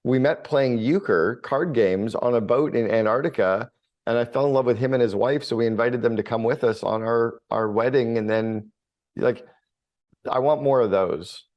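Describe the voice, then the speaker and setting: A middle-aged man chatting on a podcast, telling blunt and lively stories with an occasional curse thrown in. His voice sits at an ordinary middle pitch. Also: normal speed, lo-fi sound. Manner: blunt, storytelling with mild swearing. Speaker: business coach and author. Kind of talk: casual podcast conversation.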